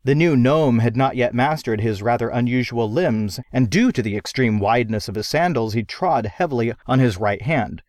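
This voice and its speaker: A man reads an audiobook aloud with lively, expressive storytelling. His voice sits mid-range, and the recording is dry and close to the mic. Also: mid-range voice, moderate pace, few pauses, no room sound. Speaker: narrator. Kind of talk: audiobook narration.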